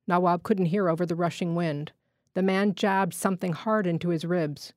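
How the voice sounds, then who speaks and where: A woman reading a literary short story aloud in a measured, restrained way, voicing the dialogue lightly. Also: on the low side, no room sound, clean studio sound.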